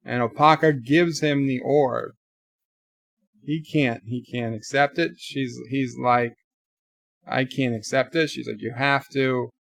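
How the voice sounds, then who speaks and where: A man reviews an episode live in a relaxed, unhurried way, retelling scenes and slipping in quoted dialogue with offhand comments. His speech is slow and recorded close and dry, with an everyday middle pitch. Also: gravelly, dry recording. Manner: casual plot retelling with quoted lines and asides. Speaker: show reviewer.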